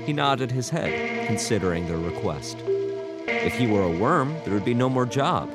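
A man reads a dark comic story aloud in a dry, deadpan manner. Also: medium pitch, normal speed. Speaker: narrator. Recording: loud music behind the voice.

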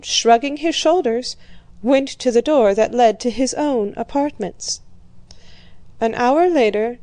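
A woman narrating a classic novel aloud in a measured, calm storytelling manner. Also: fairly high pitch, no room sound. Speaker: audiobook reader. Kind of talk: scripted narration.

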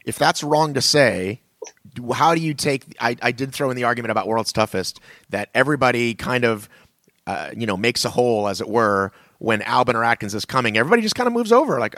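A man co-hosts a weekly podcast in loose, casual chat. His pitch swings up and down constantly as he rambles, stops and restarts his thoughts. The sound is dry and close, with no room in it. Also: a little fast, no echo. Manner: animated, rambling with many restarts. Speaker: podcast co-host.

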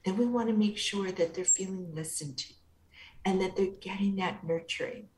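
Gentle, soothing woman in a roomy space. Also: medium pitch, normal speed. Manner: calm, gentle, soothing therapeutic delivery. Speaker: guest author and inner-child coach. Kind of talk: interview answers. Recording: roomy echo.

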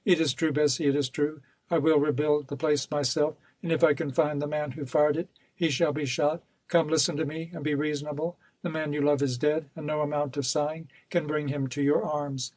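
A man's voice: fairly high pitch, level tone, fairly quick, hardly any pauses, a little mellow, no echo, close to an everyday voice. A man voicing a ruthless male villain in a novel reading, cold and insistent, turning coaxing. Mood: villainous. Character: scheming, ruthless male villain, pleading and menacing.

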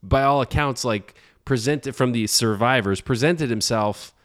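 A man's voice: mid-range voice, measured pace. A man co-hosting a casual movie podcast, rambling and hesitating as he searches for answers. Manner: rambling, hesitant under pressure. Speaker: podcast co-host. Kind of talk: casual movie review chat.

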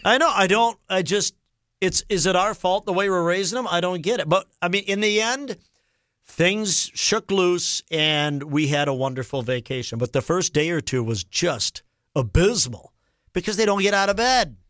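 A man in his forties hosting a radio talk show, telling stories in an animated, exasperated way. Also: high voice, moderate pace, no echo, studio quality. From Minnesota. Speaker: radio host. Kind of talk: casual chat. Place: radio studio.

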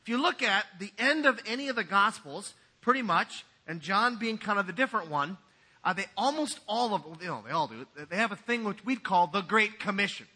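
A man's voice: high voice, expressive, a little fast, pushed and bright, breathy edge. A man pastor giving a sermon in a conversational, joking way.

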